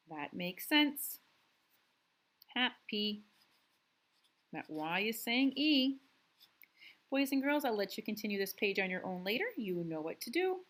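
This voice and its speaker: A very animated woman teacher, her medium-pitched voice fairly bright, reads a worksheet to young students in a recorded remote lesson. She stretches out words and goes slowly and deliberately, staying patient and encouraging.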